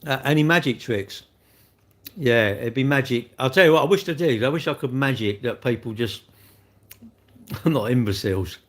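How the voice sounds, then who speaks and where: A man, chatting cheekily and rambling to his livestream viewers while eating cake with his mouth full. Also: medium pitch.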